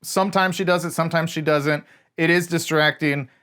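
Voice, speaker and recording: Male co-host, slightly high voice, hesitant and measured, casual movie chat. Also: steady tone, a bit bright, smooth. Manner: hesitant, measured, many restarts. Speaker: podcast co-host.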